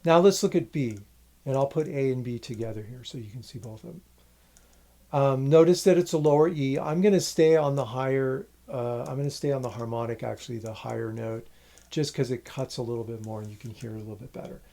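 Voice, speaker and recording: Mellow-voiced man teaching rhythm. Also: medium pitch, a little fast. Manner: counts rhythm syllables aloud, patient explaining. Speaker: music teacher. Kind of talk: instructional music lesson.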